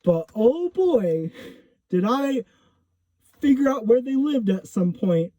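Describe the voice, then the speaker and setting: A man's voice: very high-pitched, very animated, slow pace, mellow, no echo. A man casually telling a personal story, rambling with lots of fillers and self-corrections. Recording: dull lo-fi recording.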